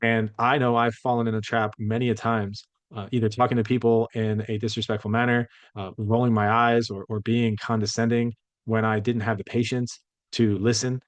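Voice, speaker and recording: A man's voice: mid-range voice, level tone, normal speed, no room sound. A man lecturing to a class as a professor, conversational and reflective, often correcting himself mid-thought.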